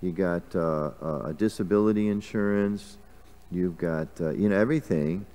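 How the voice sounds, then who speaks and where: A man's voice: low-pitched, normal speed, dark tone. A man giving a casual scripture class in a temple, talking conversationally with lots of fillers and questions to the audience. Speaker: class speaker. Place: temple hall.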